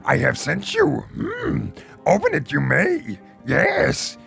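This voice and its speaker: A man voicing a tiny ancient male alien sage who speaks in inverted word order with humming pauses. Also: sits high, huge pitch swings, gravelly, a bit bright, faint music behind, pitched above the performer's own voice, full character voice. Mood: sly.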